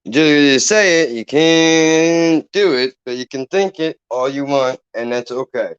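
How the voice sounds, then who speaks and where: Smooth-voiced excitable guy, casual. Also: mid-range voice, measured pace, highs cut off. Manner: loose, profane, gets loud when excited. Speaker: channel host. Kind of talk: casual chat at home.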